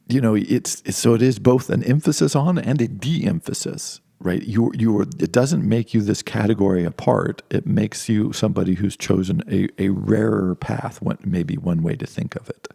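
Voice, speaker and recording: A man's voice: fairly low pitch, creaky, dark tone, breathy edge, dry recording, clean studio sound. A middle-aged man giving an informal lecture, rambling with many restarts and playfully acting out imagined speakers.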